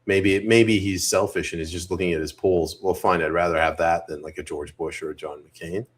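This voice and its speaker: A man from Canada co-hosting a political podcast, weighing his opinions with a wry, measured tone. His voice is deep and low-pitched. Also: fairly even intonation. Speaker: podcast co-host. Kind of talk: casual political chat.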